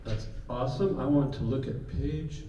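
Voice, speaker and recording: A vocal clinician runs a choir coaching session, counting the group in and singing brief example phrases. His voice is medium-pitched and dark, at a normal pace. The room echoes, the mic sits far away, and there's slight background noise.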